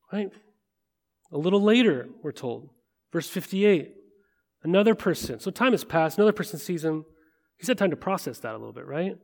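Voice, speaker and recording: Fairly high-voiced man preaching in a hall. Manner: conversational, checks in with listeners by asking "right?"; slows down and drops to a hush at weighty moments. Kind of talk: sermon. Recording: long reverb of a large hall.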